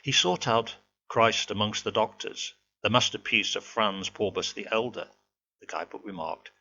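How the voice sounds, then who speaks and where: Over a faint hum in a dull, lo-fi home recording, a man narrates a ghost story with measured expression. His voice is on the low side, very gravelly, and carries a bright, forceful edge.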